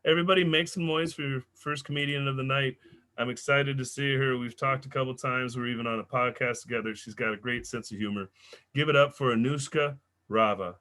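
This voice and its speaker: A young man hosting a stand-up comedy show, telling loud, animated stories with swearing and punchy character voices. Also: medium pitch, fairly quick.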